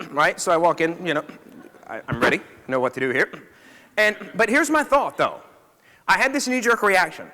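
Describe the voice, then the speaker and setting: A man's voice: sits high, bright, forceful tone. A man, a chiropractor, telling a story to a live audience in a casual, conversational way, often checking in with the listeners. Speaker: chiropractor speaker. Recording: reverberant hall.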